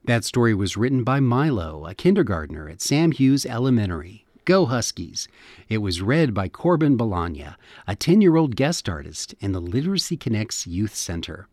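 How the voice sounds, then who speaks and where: A man's voice: on the low side, very animated, normal speed, darkish tone, no echo, clean studio sound. A man hosting a public radio arts show, reading scripted introductions and credits in an upbeat, announcer-like way. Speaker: radio host and producer.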